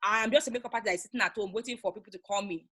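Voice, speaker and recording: A woman's voice: medium pitch, racing, breathy edge. A young woman from Nigeria, a makeup artist, chatting casually as a guest and animatedly telling stories. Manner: animated storyteller, acts out callers. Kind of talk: casual chat, storytelling.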